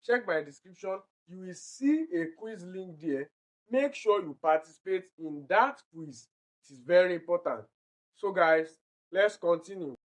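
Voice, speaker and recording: A Nigerian man with a Nigerian English accent, tutoring exam candidates and explaining answers step by step, slowly repeating each word to drill its pronunciation. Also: high voice, animated, rough recording. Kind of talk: online exam-prep lesson.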